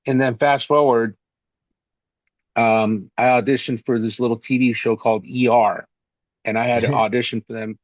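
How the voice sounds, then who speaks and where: Recorded dry and dull with no room sound, a middle-pitched actor trades casual stories in an interview at a moderate pace. He's animated and talkative, acting out the voices of the people he quotes.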